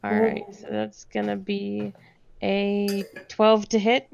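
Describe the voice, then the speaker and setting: A woman's voice: mid-range voice, completely flat delivery, slow pace, vocal fry, darkish tone, slight background noise. Woman player taking her time, laughs at her own bits, kinda muffled lo-fi mic. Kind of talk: casual tabletop play.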